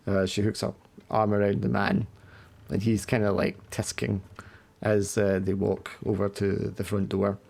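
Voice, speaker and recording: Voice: sits low, level tone, measured pace, gravelly, a little mellow. A game master casually narrating a tabletop role-play scene, with many fillers.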